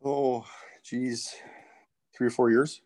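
A man's voice: mid-range voice, little pitch movement, takes it slowly, a little mellow. A middle-aged man, a guest telling candid stories in a rambling way, full of restarts and asides. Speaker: podcast guest. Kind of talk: casual interview storytelling.

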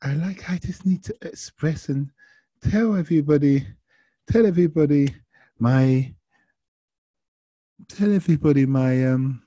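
Man putting on a young French woman, tipsy and lovesick, high slow pleading voice with a dark tone. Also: no echo. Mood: eager. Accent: attempted French.

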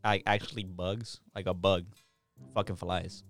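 A man's voice: low voice, measured pace, loud music behind the voice. A young man in a casual, profane chat with friends, ranting animatedly and saying "bro" a lot. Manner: animated, swears constantly, says bro a lot.

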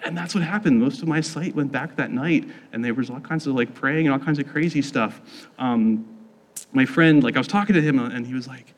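A man's voice: mid-range voice, fairly quick. A man recounting a personal experience in a casual, conversational way, filling his speech with "like" and acting out what people said. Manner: casual, heavy use of "like", acts out quoted voices. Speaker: storyteller. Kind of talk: personal testimony.

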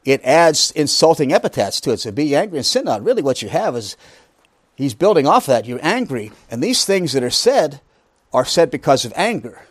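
A man's voice: on the high side, very animated, normal speed, slightly rough, no echo. A man preaching a Bible lesson, emphatic, asking rhetorical questions and making joking asides. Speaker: pastor teaching a Bible study. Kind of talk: sermon.

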